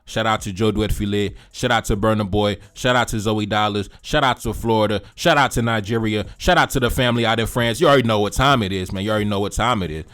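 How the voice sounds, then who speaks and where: A man's voice: fairly low pitch, fast, few pauses. Laid-back Haitian man chatting about music. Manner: laid-back, repeats phrases, frequent shout-outs. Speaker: music reaction video host. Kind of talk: casual reaction commentary.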